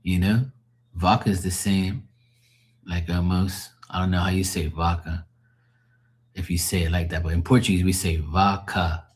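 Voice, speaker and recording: A man's voice: deep voice, little pitch movement, normal speed, long pauses, darkish tone. A man hosting a live stream, chatting loosely with viewers, casual and explanatory, swearing now and then. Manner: loose, chatty, explaining language differences to chat; swears casually, laughs easily.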